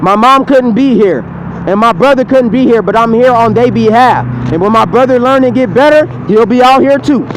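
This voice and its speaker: High-pitched man preaching hotly outdoors. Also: moderate pace, noisy background. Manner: heated, repetitive, profane preaching. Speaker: street preacher. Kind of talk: impassioned outdoor sermon.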